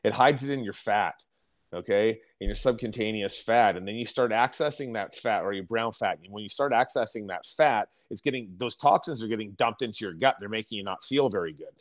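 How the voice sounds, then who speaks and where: A man's voice: on the low side, fairly quick. A man speaking in a blunt, emphatic way in a casual podcast chat. He has an ordinary mid-range voice and often drops into mocking imitations of other people's complaints. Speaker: podcast guest on fasting and diet.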